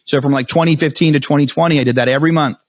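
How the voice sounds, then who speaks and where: A man as a podcast guest, telling his story in a fast, animated way with many restarts. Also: fairly high pitch, no room sound, clean studio sound. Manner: fast, animated retelling with frequent restarts and quoted self-talk.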